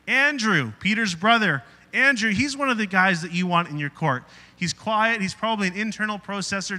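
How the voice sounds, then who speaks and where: Male pastor, high and very bright voice, conversational sermon with a long hall echo. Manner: conversational, asks the congregation questions; acts out quoted voices in retelling. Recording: reverberant hall.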